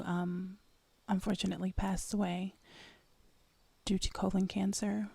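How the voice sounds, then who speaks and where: A woman hosting her own ASMR channel, rambling casually in a breathy whisper, in a whispered role-play style. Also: on the low side, dark tone, no echo.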